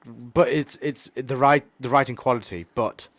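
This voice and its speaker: A man co-hosting a podcast, chatting in an animated, opinionated way and jumping between tangents. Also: medium pitch, moderate pace, no echo. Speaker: podcast co-host. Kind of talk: casual opinionated chat.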